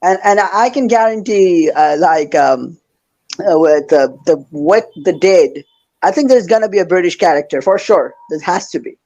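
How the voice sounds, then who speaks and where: A man with a fairly high voice hosts a casual podcast chat. He is hesitant, stopping and restarting often. He stays eager and enthusiastic while he talks. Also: animated, moderate pace, darkish tone, highs cut off.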